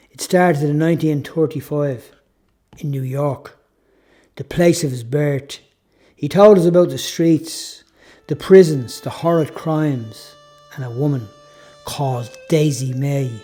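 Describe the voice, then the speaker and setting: A man's voice: fairly high pitch, dark tone. A man reading his own story aloud as a reflective, first-person audiobook narration.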